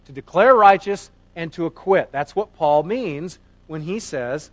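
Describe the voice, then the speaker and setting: Middle-aged male pastor, preaches conversationally with lively rhetorical questions, a touch high-pitched. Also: unhurried, few pauses. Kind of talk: sermon.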